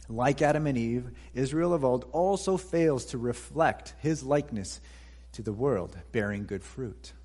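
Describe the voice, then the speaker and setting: A man's voice: mid-range voice, a little mellow, long reverb tail. A man preaching a sermon as pastor, earnest, repeating key phrases for emphasis.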